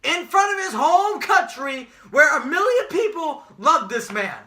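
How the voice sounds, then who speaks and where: A young man with an unusually high, piercing voice rants about wrestling on a casual podcast. His pitch swings widely as he curses and bursts into shouts, with a sharp, bright edge. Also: sing-song, a little slow. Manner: ranting, profane, shouts when angry. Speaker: podcast co-host. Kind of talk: casual wrestling predictions chat.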